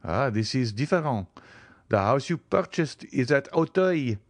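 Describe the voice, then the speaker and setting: A man's voice: medium pitch, lively intonation, a little slow, no room sound, pitched above the performer's own voice. A man voicing a plain, polite provincial notary who chatters eagerly about a sale. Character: plain, fee-minded provincial male notary.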